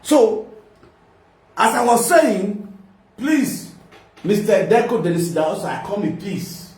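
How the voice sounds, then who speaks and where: A man with a Nigerian accent hosting a live video, giving a loud, sing-song political rant that mixes pidgin and local languages. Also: sits high, big pitch swings, slow pace, far from the mic. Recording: echoey room.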